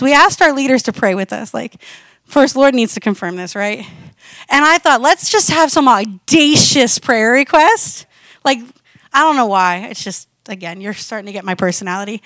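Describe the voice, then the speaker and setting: High-voiced woman preaching a testimony. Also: normal speed, no room sound. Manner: animated storytelling, conversational. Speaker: missionary speaker. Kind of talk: testimony sermon.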